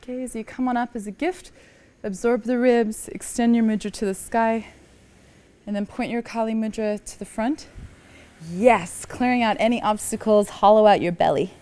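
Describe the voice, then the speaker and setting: A woman teaching a yoga class, giving calm, encouraging cues and slightly out of breath as she moves through the poses. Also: on the high side, moderate pace. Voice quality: calm, encouraging cueing, often soft. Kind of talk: guided yoga class instruction.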